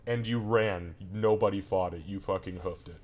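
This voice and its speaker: A man with a somewhat low voice runs a tabletop game as game master. He narrates the combat loosely and casually, swearing freely as he goes. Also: steady tone, moderate pace, darkish tone.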